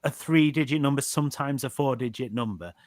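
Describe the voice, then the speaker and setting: A man's voice: mid-range voice, fairly quick, no room sound. A man hosting a casual podcast chat, joking wryly and steering the conversation. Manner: wry, joking, plugs the show. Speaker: podcast host.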